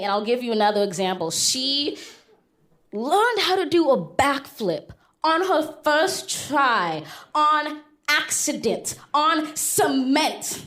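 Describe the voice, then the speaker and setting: Young woman telling a lively story on stage. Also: on the high side. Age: young adult. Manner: lively, comic, animated storytelling. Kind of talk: live personal storytelling on stage. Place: theater stage.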